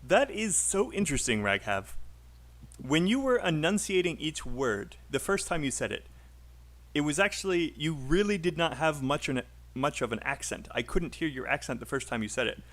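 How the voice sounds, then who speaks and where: A man's voice: a little high, big pitch swings, normal speed, a bit bright. Encouraging British male English teacher. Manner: encouraging, coaching, filler-heavy. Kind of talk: online speaking class over voice chat.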